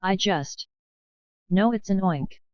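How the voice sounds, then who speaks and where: A woman reading the part of a nervous male fire chief who yells in fright. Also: mid-range voice, takes it slowly, no echo, lo-fi sound, close to an everyday voice. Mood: panicked. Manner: yelling, nervous.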